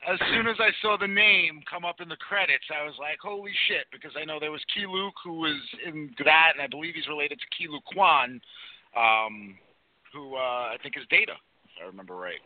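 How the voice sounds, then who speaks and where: A man's voice: fairly high pitch, a little fast, no room sound. A man co-hosting a horror movie podcast, chatting casually with crude, sarcastic jokes. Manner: joking, crude, sarcastic asides. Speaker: podcast co-host. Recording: dry tinny phone-like audio.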